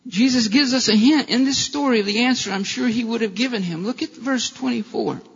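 High-voiced husky male preacher in echoing hall. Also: a little fast, a bit bright. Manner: impassioned preaching with rhetorical questions. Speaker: pastor. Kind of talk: sermon. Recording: long hall reverb, dull lo-fi sound.

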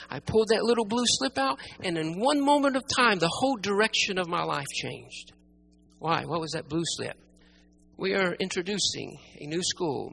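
A preacher in full sermon, the voice gravelly with a steady rasp of fry. The delivery is emphatic, driving key phrases home through repetition and dropping from loud, pressing peaks to near-hushed stretches. The tone stays bright and forceful throughout. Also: mid-range voice, slight background noise, low-quality recording.

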